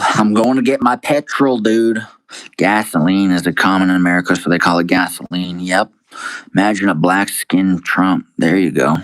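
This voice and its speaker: A young male live streamer with a low, fairly bright voice reads viewers' comments out loud and responds with crude, profane, easygoing banter, calling everyone "dude." The audio has no echo and is rough in quality.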